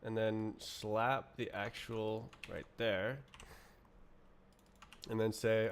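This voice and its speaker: A man streaming himself writing code, muttering to himself, puzzled and halting, with keyboard typing behind him. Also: on the low side, little pitch movement, vocal fry, slight background noise. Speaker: streamer coding live. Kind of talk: casual livestream coding chat.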